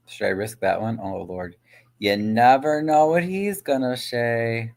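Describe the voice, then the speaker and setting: A man's voice: medium pitch, measured pace, creaky, darkish tone. A man hosting a casual reaction vlog, muttering and thinking aloud as he browses clips. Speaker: host.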